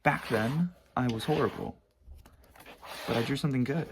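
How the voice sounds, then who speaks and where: A man's voice: mid-range voice, moderate pace, noisy background. A teenage boy casually rambling about his own sketchbooks at home, swearing and mocking himself. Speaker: vlogger showing his sketchbooks. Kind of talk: casual chat.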